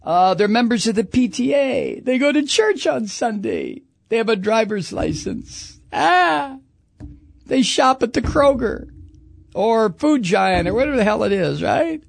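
A man delivering an animated, profane political rant, rambling with sudden whoops. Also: high-pitched, moderate pace, gravelly, no room sound, clean studio sound. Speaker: political commentator.

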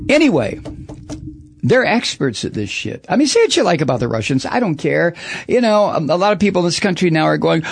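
Gravelly, profane man ranting. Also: a little high, fast, no echo, clean studio sound. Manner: animated, profane, rambling with sudden whoops. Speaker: political commentator. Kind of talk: profane political rant.

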